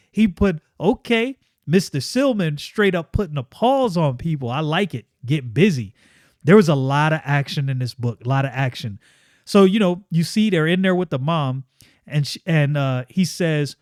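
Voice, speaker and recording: Excited man reviewing comics. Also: fairly high pitch, normal speed, no echo, clean studio sound. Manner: enthusiastic, conversational, with repeated phrases. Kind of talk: casual video commentary.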